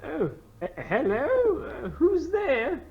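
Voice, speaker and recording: A man's voice: very high voice, wildly swooping pitch, takes it slowly, narrow, tinny audio, heavily acted. A man voicing a fussy elderly professor who talks politely and formally, stammering as he goes. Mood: flustered. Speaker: player.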